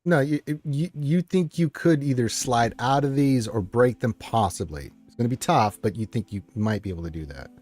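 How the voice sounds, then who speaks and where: A man's voice: medium pitch, normal speed, hardly any pauses, a little mellow, no room sound, soft background music. A man acting as dungeon master, explaining the rules at length with many ums and uhs. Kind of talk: narrating a tabletop game.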